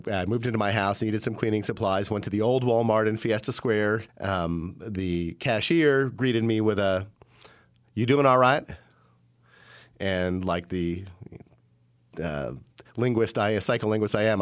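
A man from northern New Jersey with a faint New Jersey accent, a professor explaining in a measured way and repeating words as he thinks. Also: on the low side, dry recording, clean studio sound. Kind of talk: interview.

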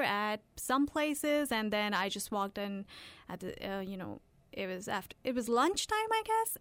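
A young woman with an Indian English accent, chatting in a radio interview, animated and quick to laugh, with halting restarts. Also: a little high, dry recording. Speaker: radio guest.

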